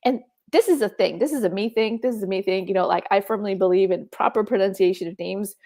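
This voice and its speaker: A woman co-hosting a casual fan discussion stream, animated and quick to laugh, talking on a home microphone. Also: medium pitch, vocal fry. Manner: animated, laughs often, puts on mock voices for jokes. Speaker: podcast co-host. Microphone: home mic on a video call.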